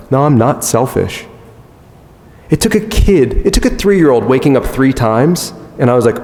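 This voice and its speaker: A man in his thirties giving a conference talk, telling a self-mocking family story in an animated way. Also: medium pitch, normal speed. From United States. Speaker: conference speaker. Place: large conference hall. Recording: long hall reverb.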